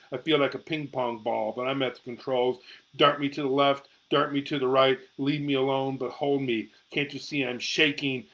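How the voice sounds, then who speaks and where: A man's voice: mid-range voice, fairly bright tone, rough recording. A middle-aged man giving a live-streamed reading of his own poetry, with raw, intense delivery and free swearing, into a phone or webcam held close. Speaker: amateur poet and show host.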